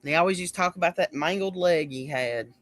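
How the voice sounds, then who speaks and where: A laid-back man hosts a casual chat, mostly giving short replies and dropping in questions. His voice is high and bright. It is recorded dry and close. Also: a little fast, dry recording. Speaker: host.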